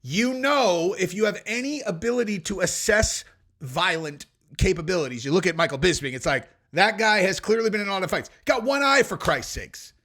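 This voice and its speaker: A man hosting a podcast, telling stories and commenting in a brash, animated, profane way. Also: sits high, moderate pace. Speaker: podcast host.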